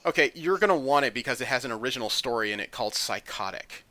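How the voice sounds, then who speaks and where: A man's voice: mid-range voice, expressive, fast talker, sharp tone, no room sound. A man hosting a podcast, chatting through comic news with frequent ums and uhs. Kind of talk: casual chat.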